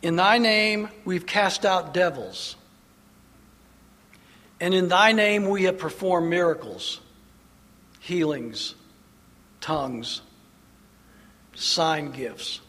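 A man with a high, slightly bright voice preaches a sermon slowly and deliberately, pressing his listeners emphatically with rhetorical questions. The recording carries the long reverb of a large hall.

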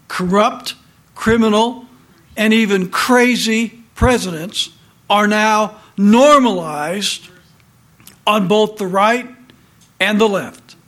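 Middle-aged guy, high voice, slow and indignant, reading out commentary and saying quote close quote a lot. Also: a bit bright.

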